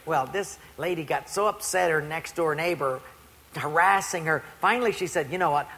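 A middle-aged male pastor preaching a sermon to a congregation, telling stories in an animated, playful way. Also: on the high side, normal speed. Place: church before a congregation. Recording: long hall reverb.

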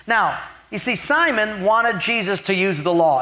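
A man preaching a sermon, retelling a scripture story and swinging between loud emphasis and hushed lines. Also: high voice, animated, unhurried. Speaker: pastor.

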